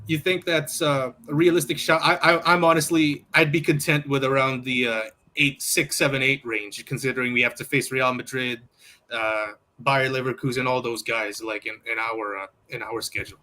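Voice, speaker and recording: A man with a bright, forward-sounding voice hosts a casual sports talk show. He poses questions to his panel and often stops to rephrase mid-sentence. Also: medium pitch, fairly even intonation, normal speed. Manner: asks questions, hesitant restarts. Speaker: podcast host.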